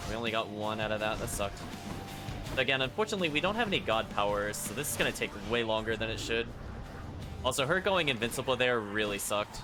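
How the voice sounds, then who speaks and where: Talking quickly with lively intonation in a lowish voice, a man streams a video game through a headset mic while game music plays. His casual commentary is chatty and analytical as he explains his choices, peppered with "like."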